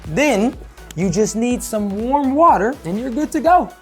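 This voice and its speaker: A woman co-hosting a kids' show who talks calmly and explains things clearly. Her voice has lively ups and downs in pitch, with soft music in the background. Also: measured pace. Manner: calm, steadying and explanatory. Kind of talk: scripted kids' skit.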